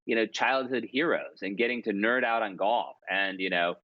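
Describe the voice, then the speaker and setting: A man in his forties tells stories as a podcast guest, low-pitched and chatty, with an easy self-deprecating humor. His voice comes over a dull, dry remote line with no room sound. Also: normal speed, no room sound. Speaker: columnist and author, podcast guest. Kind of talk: casual storytelling interview.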